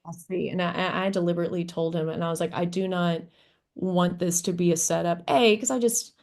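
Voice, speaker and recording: A woman from Kentucky, a guest musician, telling stories in a casual interview, animated and laughing often as she acts out quotes. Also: fairly low pitch, fairly quick. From Kentucky, USA. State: hoarse.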